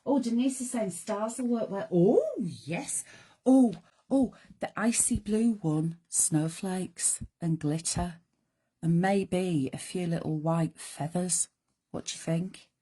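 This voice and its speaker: Chatty croaky woman crafting live. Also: on the low side, unhurried, warm tone. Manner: chatty, self-deprecating, thinks aloud. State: croaky, losing her voice. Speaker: craft show host.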